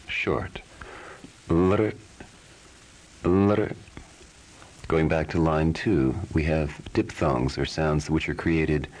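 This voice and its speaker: A man giving a recorded language lesson, explaining sounds slowly and chanting drill syllables. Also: very deep voice, a little mellow, low-quality recording. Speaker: language teacher.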